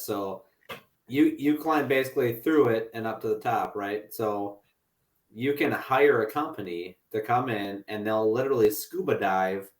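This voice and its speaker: Wry man in an echoey room. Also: medium pitch. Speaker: podcast guest. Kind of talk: casual chat among friends. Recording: roomy echo.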